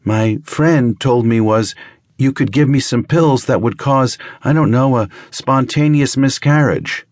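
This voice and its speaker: A guarded young woman in her twenties, as a male narrator puts her on, speaking quietly but firmly and giving little away. Her voice is lifted above the narrator's own, read close and dry. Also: mid-range voice, measured pace, dry recording, pitched above the performer's own voice, natural voice. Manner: quiet but firm, evasive.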